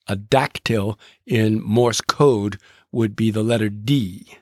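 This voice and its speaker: Slow, deliberate male podcast host. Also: lowish voice, fairly even intonation, a little mellow, no room sound. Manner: deliberate, drawing out rhythms. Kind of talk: scripted podcast narration.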